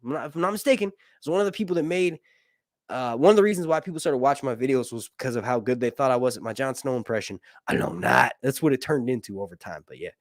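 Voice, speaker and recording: A man's voice: medium pitch, rapid-fire, a little mellow, no echo, clean studio sound. A man hosting a casual live stream, reading viewer messages aloud and chatting with lots of laughs and energy. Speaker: livestream host.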